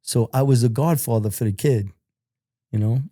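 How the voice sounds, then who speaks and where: A middle-aged man, telling stories as an interview guest in an animated, profane way, laughing as he goes. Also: mid-range voice, normal speed, no room sound, clean studio sound. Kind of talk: casual storytelling.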